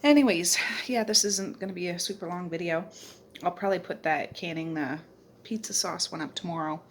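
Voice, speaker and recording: A middle-aged woman from Canada chats casually into her phone camera, rambling and circling back with fillers. Her voice sits a little low. A faint hiss of background noise runs under it. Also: a little fast. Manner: chatty, rambling, warm sign-off with repeated fillers. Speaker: vlogger. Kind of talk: casual chat. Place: outdoors in cold snowy weather, then at home.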